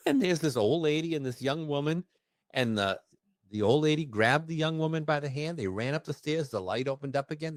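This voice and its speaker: A man who works as a medium, telling a personal story in an expressive, emphatic way during a conversation. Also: medium pitch, dry recording, studio quality. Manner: expressive, emphatic, with bursts of fast speech. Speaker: medium recounting his experiences.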